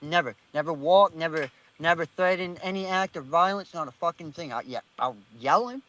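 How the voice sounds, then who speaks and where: A man's voice: on the high side, normal speed, fairly bright tone, rough recording. A man telling a heated, profanity-filled story on a casual online panel call.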